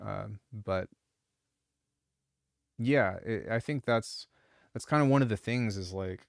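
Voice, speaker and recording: On a live stream, a music producer rambles at a slow pace in a lowish, gravelly voice, swearing freely and frequently restarting his thoughts. The recording is dry and studio quality.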